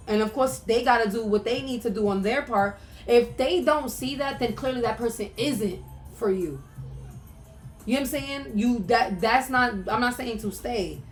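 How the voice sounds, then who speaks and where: Candid young woman, soft music behind. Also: fairly high pitch. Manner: candid and emotional, frequent "like" fillers, swearing. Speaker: podcast host. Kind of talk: casual personal monologue.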